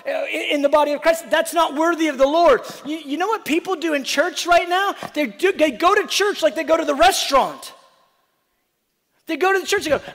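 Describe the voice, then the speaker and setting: A man preaching a sermon as a pastor, acting out back-and-forth dialogue and swinging between loud urgent lines and hushed ones. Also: very high-pitched, vocal fry, in a large hall. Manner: acts out dialogue with the apostle in different voices.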